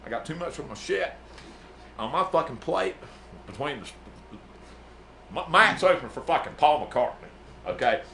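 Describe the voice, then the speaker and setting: A man's voice: a little high, animated, normal speed, gravelly, long pauses, bright, forceful tone, a little hiss or hum, heavily acted. A man playing a brash, profane music manager, rambling and boasting in an improvised comedy bit. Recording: echoey room.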